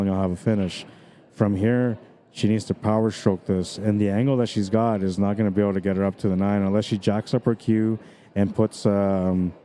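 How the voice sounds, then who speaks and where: Low, mellow-voiced excitable pool commentator. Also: male voice. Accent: Canadian. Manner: excitable, breaks into screams and laughs at exciting shots; explanatory, breaks down shot angles like a coach. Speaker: pool match commentator and streamer. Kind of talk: solo live-stream commentary.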